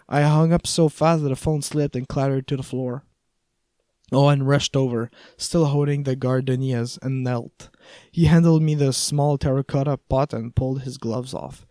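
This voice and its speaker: A man's voice: medium pitch, steady tone, normal speed, mellow, no echo. A man reading a first-person audiobook in a wry, conversational way. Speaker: audiobook narrator.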